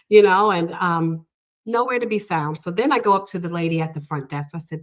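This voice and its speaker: Earnest low-voiced woman telling a story. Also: a little fast. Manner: earnest, emotional, laughs often, many fillers. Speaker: guest. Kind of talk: personal storytelling in conversation. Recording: dull lo-fi audio.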